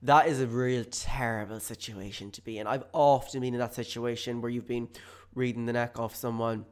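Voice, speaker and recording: A man's voice: mid-range voice, steady tone, moderate pace, smooth. A man hosting a casual solo podcast, talking in a rambling, hesitant way full of fillers. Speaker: podcast host. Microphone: studio mic with headphones.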